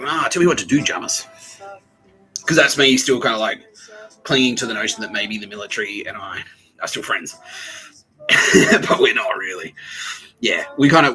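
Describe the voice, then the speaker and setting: A man's voice: on the low side, sharp tone, low-quality recording. A man telling a rambling personal story, laughing often, swearing freely and acting out quotes. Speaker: podcast host.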